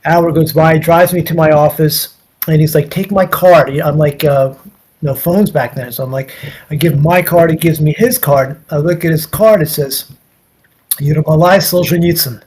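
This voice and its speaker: A man's voice: a little high, fairly even intonation, normal speed, a little mellow, a little hiss or hum, rough recording. A man from the United States, an interview guest, telling a long anecdote in a rambling way, full of restarts and quoted dialogue. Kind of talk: casual storytelling.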